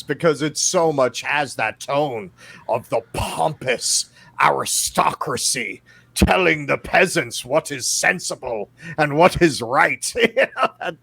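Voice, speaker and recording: A man's voice: mid-range voice, creaky, a bit bright, no room sound. A man co-hosting a political podcast, wry and mocking in tone. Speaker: podcast co-host. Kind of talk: political commentary chat.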